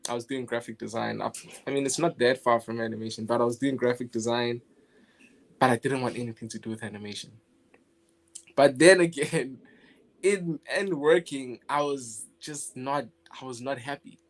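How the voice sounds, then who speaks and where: In a relaxed interview, a young South African guest animator talks at normal speed in a mid-range voice. He laughs often and tends to restart his phrases.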